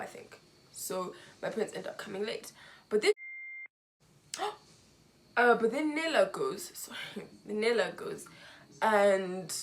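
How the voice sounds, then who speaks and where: Animated woman telling a storytime. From Zimbabwe. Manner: animated, lots of "like", acts out quotes with big pitch jumps. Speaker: vlogger. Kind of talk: casual storytime.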